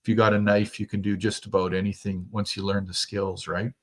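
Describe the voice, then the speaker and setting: A man's voice: fairly low pitch, flat delivery, a little fast. A middle-aged man from Germany with no accent, a guest in a casual interview, talking in an easygoing, chatty way and laughing easily. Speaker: guest, outdoors expert.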